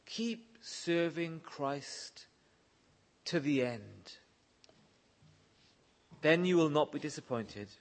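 A man's voice: a little high, expressive, very slow, pauses often. A man preaching a sermon, reading scripture verses aloud and pressing his listeners with earnest questions. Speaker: pastor.

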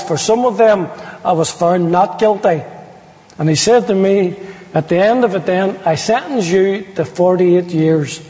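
An Irish-accented man shares his testimony as a preacher in a storytelling sermon, weaving in humor and quoting people. His voice is high-pitched with a dark tone, and the recording carries a long hall reverb.

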